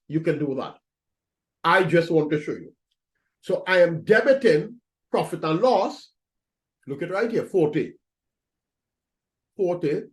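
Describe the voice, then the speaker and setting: Very animated, with a fairly high pitch, a measured pace, and frequent pauses, a man leads a recorded accounting lecture. He guides students through entries one step at a time, repeating himself and checking in with "right?".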